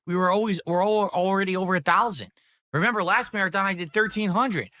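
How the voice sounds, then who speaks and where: A man with a bright, slightly high voice chats to his livestream viewers from an office desk. He mumbles between bites and slips into playful mock outrage. The close mic sounds very dry. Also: fast talker, no echo. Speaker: streamer. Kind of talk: casual livestream chat while eating. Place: office room indoors.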